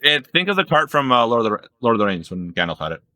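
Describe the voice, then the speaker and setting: A man narrating as game master of a tabletop game, relaxed and casual. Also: mid-range voice, rapid-fire, no echo.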